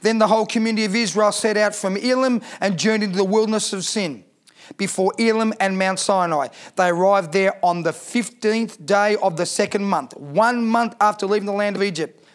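A man's voice: high voice, fairly quick. A man preaching a sermon as pastor, reading scripture aloud and asking the congregation rhetorical questions.

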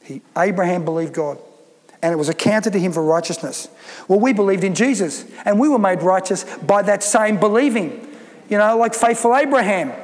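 A man's voice: sits high, moderate pace, a little mellow, long reverb tail. A male pastor preaching a sermon, emphatic and repeating phrases for stress.

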